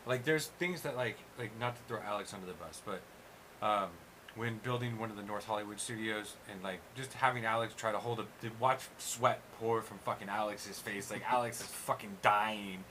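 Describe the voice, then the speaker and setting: A man with a somewhat low voice hosting a loose, casual chat in a studio room. He rambles, swears freely and often restarts his sentences, and a steady hiss runs under the recording. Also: normal speed, rough recording. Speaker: host. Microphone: 360 camera.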